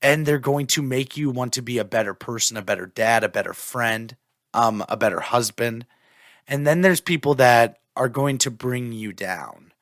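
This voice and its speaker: A man's voice: medium pitch, moderate pace, no echo. A man hosting his own podcast alone, ranting in a loose and profane way and breaking off sentences to start over. His voice sits in an ordinary middle range. It sounds dry and close, with no room sound. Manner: animated, profane, rambling with restarts. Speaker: podcast host and stand-up comic. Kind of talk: solo podcast rant. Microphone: podcast mic.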